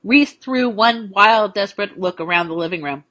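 A woman reading an audiobook thriller in steady, measured scripted narration. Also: medium pitch.

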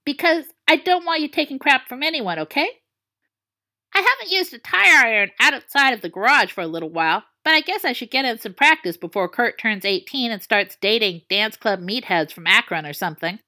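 A woman's voice: fairly high pitch, lively intonation, brisk, bright, forceful tone. A woman reading the part of an awkward, protective middle-aged father who mumbles his fatherly advice.

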